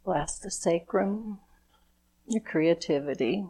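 A woman leading a chakra blessing ritual as its spiritual officiant, speaking in a measured, incantatory way. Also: fairly low pitch, dark tone, slightly rough, poor audio. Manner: slow, measured, incantatory delivery.

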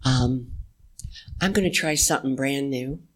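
Slow-paced folksy spiritual speaker, conversational, pauses to let ideas land. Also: mid-range voice. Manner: folksy, uses "y'all". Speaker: inspirational speaker. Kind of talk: spiritual talk to a live audience.

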